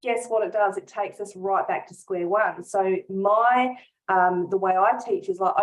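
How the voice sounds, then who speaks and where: A woman's voice: mid-range voice, steady tone, unhurried, rough recording. A woman business coach in a casual interview, talking earnestly and from the heart, with frequent small laughs and restarts.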